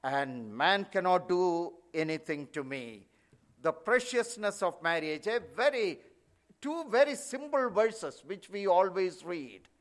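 A man's voice: high voice, lively intonation, unhurried, a bit bright. A male preacher giving an emphatic sermon, often adding "you know".

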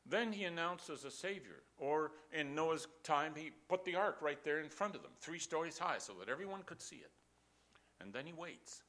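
A man's voice: mid-range voice, bright, forceful tone. An older man preaching a sermon, telling a story emphatically and posing rhetorical questions to his congregation.

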